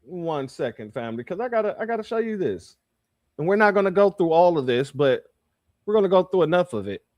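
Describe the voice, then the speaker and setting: A male host delivers reaction commentary in a noticeably high voice, hammering his points through repetition and speaking straight to his audience as family. The sound is dry and close. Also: big pitch swings, brisk, no echo, dull audio. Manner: emphatic, repeats phrases, addresses viewers as family.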